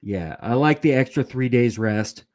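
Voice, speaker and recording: A man's voice: medium pitch, animated, unhurried, darkish tone. A man from the Bay Area calling into a sports show, talking in a hesitant way that restarts and repeats words. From San Francisco Bay Area, US. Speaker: caller. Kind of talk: casual call-in chat.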